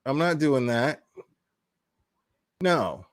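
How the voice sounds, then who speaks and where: A man's voice: mid-range voice, sing-song, extremely slow. A man, a crime-commentary vlogger, ranting casually, bluntly and profanely with laughing asides. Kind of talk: casual vlog rant.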